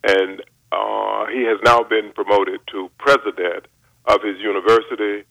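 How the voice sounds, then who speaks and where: A man in his seventies from North Carolina, a chemist giving a measured, formal radio interview with frequent pauses. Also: on the low side, steady tone, gravelly, sharp tone, no room sound, poor audio. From North Carolina, USA. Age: 70s. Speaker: guest chemist. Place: radio studio.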